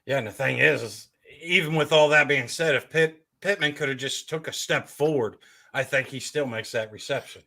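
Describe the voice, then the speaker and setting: A man's voice: medium pitch, normal speed, creaky, bright, forceful tone. A man co-hosting a live game reaction stream, cheering on his team and chatting casually. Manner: cheering fan, casual banter. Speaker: co-host fan.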